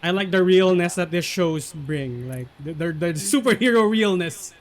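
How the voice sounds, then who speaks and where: High-voiced man chatting. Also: animated, moderate pace. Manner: rambling, filler-heavy with many likes and restarts. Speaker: podcast co-host. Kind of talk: casual recap chat.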